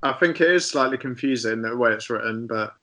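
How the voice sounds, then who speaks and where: A man's voice: medium pitch, fairly quick, sharp tone. A man in a casual Bible study group, easygoing and prone to joking.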